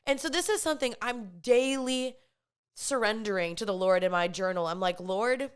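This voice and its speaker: A woman's voice: a little high, normal speed, clear, resonant tone. A young woman hosting a podcast, talking in an earnest, confessional way about her faith and personal life, with many "like" fillers. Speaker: podcast host. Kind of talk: candid faith-based personal chat.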